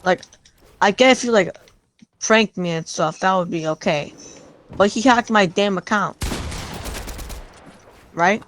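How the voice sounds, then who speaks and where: A man's voice: high voice, a little slow, long pauses, slight background noise. Young man rambling through a story. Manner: rambling, excited retelling with many restarts and "I'm like". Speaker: gamer telling a story. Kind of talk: casual storytelling in game voice chat.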